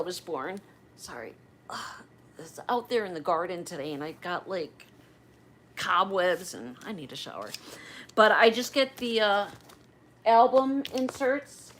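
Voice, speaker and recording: A woman's voice: medium pitch, fairly bright tone, a little hiss or hum, low-quality recording. Chatty middle-aged woman hosting a livestream. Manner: chatty and rambling, addresses viewers directly. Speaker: livestream host. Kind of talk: casual livestream chat.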